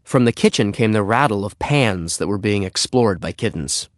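A man reading a children's story aloud in an expressive way. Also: fairly low pitch, normal speed, dry recording, clean studio sound. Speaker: narrator.

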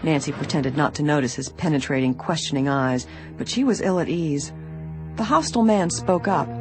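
An audiobook reader narrating a mystery novel in an even, measured way. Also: mid-range voice, music in the background.

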